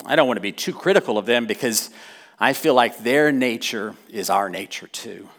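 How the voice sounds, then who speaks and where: A man preaching a sermon in church, animated, with wry asides and dramatic quoted lines. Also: medium pitch, normal speed.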